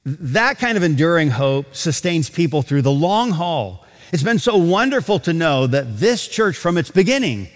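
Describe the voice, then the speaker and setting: A man delivers a sermon with a lively, rising and falling voice, pitched a little high for a man. He leans on rhetorical questions and draws out key phrases for emphasis. The sound carries a long reverb from a large auditorium. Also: moderate pace, hardly any pauses. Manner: emphatic preaching with rhetorical questions and varied pace. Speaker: pastor.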